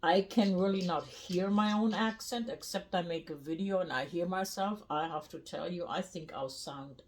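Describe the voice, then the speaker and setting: A woman's voice: lowish voice, moderate pace, a little hiss or hum. An older woman from North Rhine-Westphalia with a German accent, telling stories to camera in a blunt, rambling, chatty way. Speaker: cooking vlogger. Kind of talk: casual storytelling to camera.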